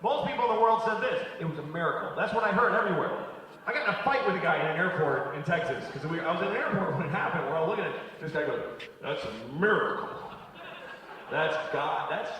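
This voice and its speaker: Stand-up comic, man in his forties, high and lively, profane ranter, recorded from far off in a reverberant live hall. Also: fast, slight background noise. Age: 40s. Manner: profane ranting, bursts into shouting. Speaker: stand-up comedian. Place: theater stage before a laughing audience. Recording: roomy live hall from a distance, crowd laughter.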